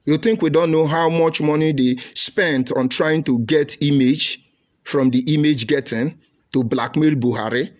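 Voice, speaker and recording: A man's voice: medium pitch, a little mellow. A middle-aged man with a Nigerian accent giving combative live-stream commentary, reading and answering viewer comments with rhetorical questions and insults.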